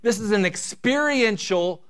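A middle-aged male pastor preaching a sermon, swinging between loud, drawn-out emphasis and quiet, quick asides. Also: high-pitched, expressive, clear, resonant tone.

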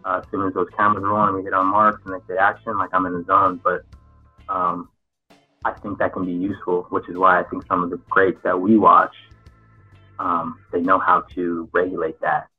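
Here an actor being interviewed speaks in a low, slightly rough voice, a little fast and completely flat. He answers with frank reflection and keeps restarting sentences, heard over a tinny, phone-like line with faint music.

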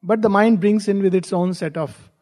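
A male spiritual teacher speaks in a rather high, mellow voice with a breathy, husky edge. He muses aloud, asks rhetorical questions and slips in gentle humor as he unfolds his teaching. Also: steady tone, moderate pace. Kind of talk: spiritual discourse.

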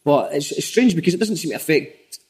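A Scottish man hosting a casual interview, halting and repeating himself as he starts sentences. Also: on the high side, expressive, darkish tone, breathy edge. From Scotland. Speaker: host.

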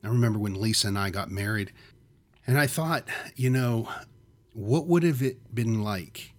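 A man's voice: on the low side, moderate pace. Earnest man in his fifties, reflective. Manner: earnest, reflective, asks questions. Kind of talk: faith podcast conversation.

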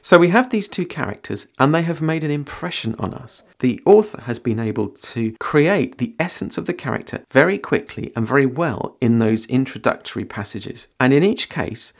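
A man hosting a podcast on creative writing, explaining in a measured, thoughtful way and reading passages aloud. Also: mid-range voice, animated, gravelly.

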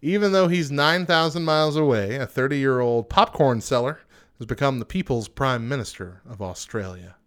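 A man's voice: medium pitch, moderate pace, fairly bright tone, smooth. A young man hosting a casual chat show, reading out odd news items and joking about them. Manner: reads facts aloud then jokes. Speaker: podcast host.

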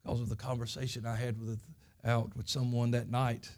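A man's voice: medium pitch, little pitch movement, fairly quick. A man preaching a Sunday school lesson, telling his own testimony in folksy, earnest, plain country speech. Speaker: pastor.

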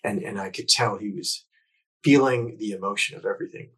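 A middle-aged man, a podcast guest, telling a personal story candidly and earnestly, often restarting his sentences and moving between emphatic bursts and hushed phrases. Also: lowish voice, a little fast, slightly rough, poor audio. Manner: reflective, earnest, with frequent restarts and self-corrections.

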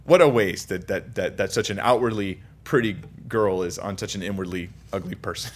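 A man's voice: low voice, fairly quick. Chatty young man teaching Scripture. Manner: chatty, anecdotal, self-interrupting. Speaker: preacher. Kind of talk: casual Bible teaching.

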